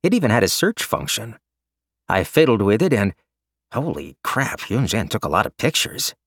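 A man narrating a story with casual, wry humor in a lowish voice. The recording is dry and close, with no room sound. His delivery is relaxed and conversational. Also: moderate pace, slightly rough, no echo. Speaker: audiobook narrator. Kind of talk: scripted narration.

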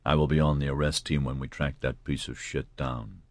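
Man as a big, blunt, angry officer, deep voice. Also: fairly even intonation, moderate pace, no room sound. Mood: stubborn.

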